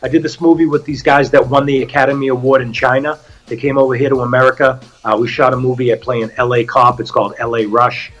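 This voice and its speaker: A man's voice: mid-range voice, quick pace, dull audio, soft background music. A middle-aged man with a Boston accent, an actor guest chatting casually and telling stories. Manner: animated storyteller, acts out quotes. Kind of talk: casual chat.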